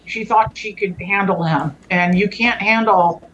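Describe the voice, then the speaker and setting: A woman's voice: mid-range voice, a bit bright, highs cut off, slight background noise. A woman speaking as a guest, telling a personal story in a conversational way. Her sentences halt, break off and restart as she works through what happened, and she often leaves a thought hanging before picking it up again. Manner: halting, with frequent restarts and trailing phrases.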